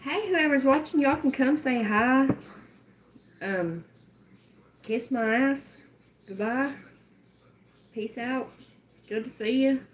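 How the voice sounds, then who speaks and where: A woman's voice: high voice, takes it slowly, long pauses, slight background noise. A woman hosting a casual livestream, joking, laughing often and swearing playfully. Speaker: livestream host.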